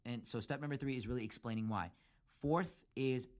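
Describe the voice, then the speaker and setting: Fast-talking man giving relationship advice. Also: mid-range voice, expressive. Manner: emphatic, acts out quoted arguments in a raised voice; lays out numbered steps. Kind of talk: solo advice talk.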